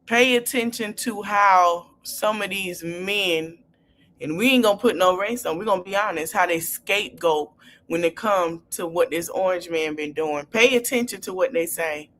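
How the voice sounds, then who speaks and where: A woman podcast host, talking in an impassioned, casual way, swinging between low murmurs and loud high outbursts. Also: moderate pace, a little hiss or hum.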